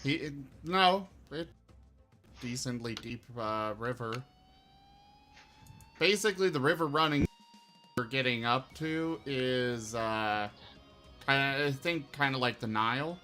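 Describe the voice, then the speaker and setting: A man in a casual tabletop game session, rambling slowly and trailing off. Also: medium pitch, sharp tone, soft background music.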